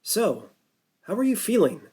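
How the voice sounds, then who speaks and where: A woman's voice: medium pitch, very animated, a little slow, warm tone, slightly rough, pitched above the performer's own voice. A man voicing a caring female Russian crewmate with a thick Russian accent in an audiobook. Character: warm, bear-hugging female Russian crewmate.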